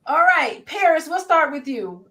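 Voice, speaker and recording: A woman hosting a live-streamed therapist panel, lively and reading viewer comments aloud. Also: high-pitched, a little slow. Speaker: host.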